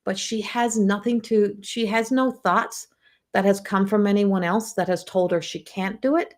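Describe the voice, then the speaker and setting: A woman in her fifties, a psychic medium, talking gently and encouragingly on a live stream and laughing often. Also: medium pitch, steady tone, moderate pace. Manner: tells family anecdotes with mimicked voices. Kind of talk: live-stream spiritual talk.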